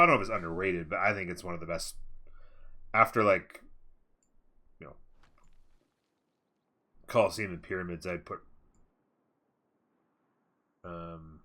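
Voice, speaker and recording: An esports caster with a low, sharp-toned male voice calls a live strategy game match. He talks casually and rambles, thinking aloud with plenty of fillers.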